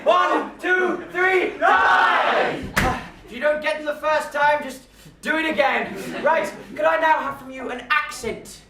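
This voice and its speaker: A man's voice: very high voice, moderate pace. A man hosting a live improv comedy show in a pub, announcing with playful theatrical flair to the crowd. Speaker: improv host. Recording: echoey room from far off, audience.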